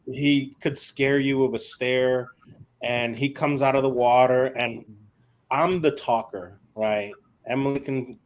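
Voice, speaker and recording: Man, mid pitch, lively, laughing, swears a lot. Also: poor audio. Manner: animated, laughing, profane. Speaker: podcast guest. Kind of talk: casual storytelling.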